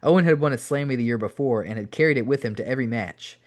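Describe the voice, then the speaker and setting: A man's voice: mid-range voice, quick pace. A man, a podcast host, reading an audiobook aloud in an amateur style, now and then correcting his own slips. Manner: steady reading with occasional self-corrections.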